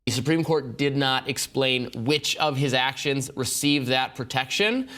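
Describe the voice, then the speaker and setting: A man giving measured, analytical political commentary, with frequent hesitations. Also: mid-range voice, bright, forceful tone. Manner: deliberate, analytical, with many hesitations.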